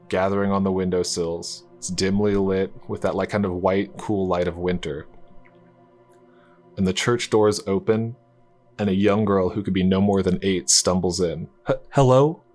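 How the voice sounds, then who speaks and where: A man narrating a tabletop game as game master, in a calm, descriptive storytelling manner. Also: sits low.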